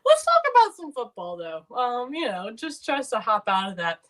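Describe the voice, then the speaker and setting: A woman co-host of a sports betting show, pitched a touch high. She rambles and jokes at her own expense in loose, casual chat. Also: huge pitch swings, fairly quick, hardly any pauses, fairly bright tone. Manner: joking, rambling, self-deprecating.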